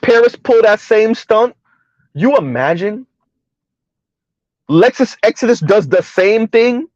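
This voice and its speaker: A man giving a heated, emphatic commentary rant on his vlog, repeating his points loudly. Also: sits high, expressive, a little slow, no echo, dull audio. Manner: loud, emphatic, repeats points, laughs at times. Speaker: commentary vlogger.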